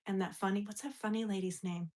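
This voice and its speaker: A woman's voice: mid-range voice, steady tone, fast, mellow, faint music behind, poor audio. Chatty, giggly woman live-streaming. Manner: chatty and giggly, rambling with restarts. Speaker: livestream host. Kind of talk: casual live-stream chat with viewers. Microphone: phone or webcam on a live stream.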